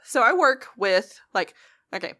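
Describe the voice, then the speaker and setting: Brief: woman, animated storyteller, higher pitch, wide lively intonation, swears freely. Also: unhurried. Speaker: podcast co-host. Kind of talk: casual storytelling chat.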